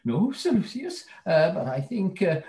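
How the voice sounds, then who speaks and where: A man's voice: sits high, big pitch swings, measured pace, a little mellow, far from the mic. A man reading a part aloud in a live play reading, blustering and nervous. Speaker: volunteer reader playing Acres. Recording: echoey room.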